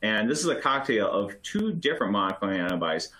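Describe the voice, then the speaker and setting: A man's voice: fairly low pitch, very animated, quick pace, bright, forceful tone, rough recording. Hesitant male doctor explaining treatments. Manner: hesitant, many fillers and restarts. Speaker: physician presenter. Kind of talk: medical education talk.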